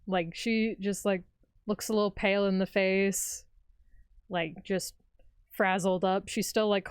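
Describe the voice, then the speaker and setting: A woman playing a tabletop game, describing her character in a halting, hesitant way. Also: mid-range voice, clean tone, dry recording. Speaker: player. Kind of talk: tabletop role-play narration.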